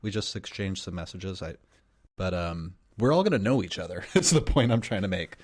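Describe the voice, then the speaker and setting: An easygoing man rambles on a podcast in a lowish voice. He circles back to his point with a relaxed chuckle. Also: brisk, husky. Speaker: podcast co-host. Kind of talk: casual chat.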